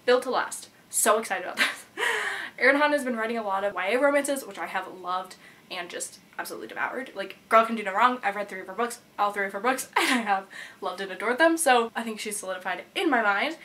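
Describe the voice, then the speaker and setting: A young woman in her twenties talks casually, gushing and bubbly, with plenty of "like" fillers. She speaks quickly, in a fairly high voice with a bright edge. Her tone stays eager and chatty throughout. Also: lively intonation. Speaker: book vlogger. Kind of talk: casual chat.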